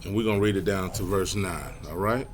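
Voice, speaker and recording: A man teaches a Bible study lesson in a casual, direct way, speaking straight to his listeners. He slows right down to read scripture aloud, jumps up in pitch, and lets tag words trail off softly. The background is noisy.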